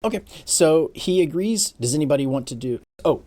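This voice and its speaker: A man narrating a tabletop role-playing game as game master, casual and halting, with many fillers. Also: fairly high pitch, lively intonation, warm tone.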